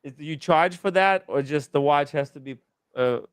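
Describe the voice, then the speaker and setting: A man's voice: fairly high pitch, moderate pace, clear, resonant tone, no echo, studio quality. A man hosting a casual live stream, joking and reading out viewer comments. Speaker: livestream host.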